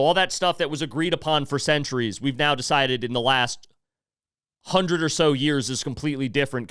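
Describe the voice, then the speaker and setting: A man's voice: medium pitch, pushed and bright, clean tone, no room sound, clean studio sound. A man hosting a podcast, ranting in a heated, profane, blunt way and breaking off now and then to apologize. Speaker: podcast host. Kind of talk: casual opinion rant.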